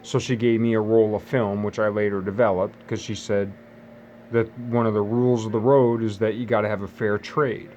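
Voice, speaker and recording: A man's voice: fairly low pitch, flat delivery, moderate pace, darkish tone, slight background noise. A man talking alone in a loose, rambling monologue, jumping between tangents and correcting himself as he goes. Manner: meandering, self-correcting, jumps between tangents.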